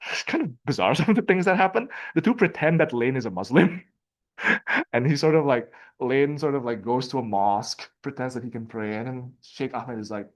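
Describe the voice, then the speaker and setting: A man's voice: medium pitch, rough recording. Young guy teaching a seminar, reads quotes then riffs on them casually, lots of "right?". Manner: conversational, asks rhetorical questions, reads passages aloud. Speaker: lecturer. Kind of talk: university seminar lecture.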